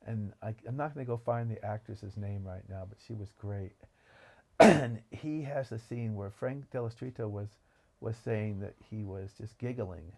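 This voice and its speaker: A man with a low voice and a gravelly edge on his words. He co-hosts a podcast and talks casually and eagerly, drifting from one tangent to the next. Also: a little mellow. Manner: enthusiastic, digressive storytelling. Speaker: podcast co-host. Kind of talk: casual film discussion.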